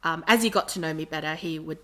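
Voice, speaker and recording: A woman's voice: low-pitched, fast talker. A woman from Sydney, a podcast guest telling stories animatedly and often laughing. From Australia. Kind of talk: casual storytelling interview.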